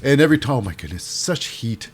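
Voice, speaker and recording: A man's voice: medium pitch, very animated, quick pace, soft background music. A man giving a casual, jokey recap of a wrestling show. He rambles and fills his talk with "uh" and "you know".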